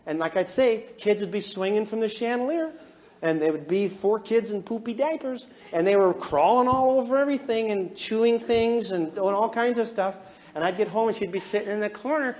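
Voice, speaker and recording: A middle-aged man giving a counseling seminar, telling humorous, self-mocking stories about his marriage to a live audience. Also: high-pitched. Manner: animated, jokey, self-mocking, swings from hushed to loud.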